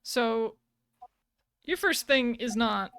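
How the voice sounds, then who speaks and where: Giggly high-voiced woman podcaster. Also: animated, takes it slowly, fairly bright tone, no echo. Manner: giggly, rambling, lots of fillers. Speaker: podcast host. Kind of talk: casual game recap.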